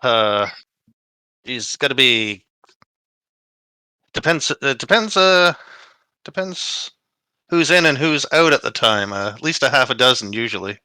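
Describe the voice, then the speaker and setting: A man's voice: mid-range voice, expressive, a little slow, long pauses, sharp tone, clean tone, no room sound. A man playing a tabletop game with friends, joking in a folksy way. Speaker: player. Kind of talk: casual tabletop play.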